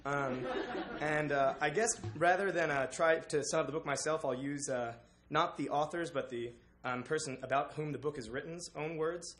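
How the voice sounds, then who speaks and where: A young man presenting a book to his class, halting with many uhs. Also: fairly high pitch, fairly bright tone, a little hiss or hum. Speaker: student presenter.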